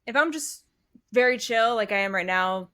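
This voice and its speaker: A woman's voice: on the high side, animated, moderate pace, pushed and bright, dry recording. A woman with a New England accent, a guest in a casual interview, talking chattily with lots of "um" and "like" and frequent giggles. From northeastern US. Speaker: guest cosplayer.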